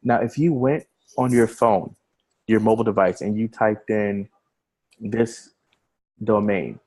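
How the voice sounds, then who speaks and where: A man's voice: lowish voice, a little mellow, low-quality recording. A man giving a casual screen-share webinar walkthrough as an online marketing trainer. He talks over a video call, often repeating words and restarting phrases as he explains.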